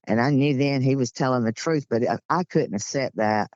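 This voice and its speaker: A woman's voice: extremely low pitch, normal speed, few pauses, darkish tone, no echo. A woman in her sixties talks with a Georgia drawl, rambling along in a chatty, homespun way. The recording sounds dull, lo-fi and dry, with no room sound. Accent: Southern US, Georgia. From Georgia, USA. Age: 60s. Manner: chatty, rambling, folksy storyteller. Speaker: guest recounting encounters. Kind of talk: casual storytelling.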